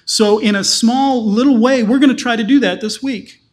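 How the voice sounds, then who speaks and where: A man's voice: very high voice, moderate pace. A man, a pastor, preaching a sermon with emphatic, repeated phrases.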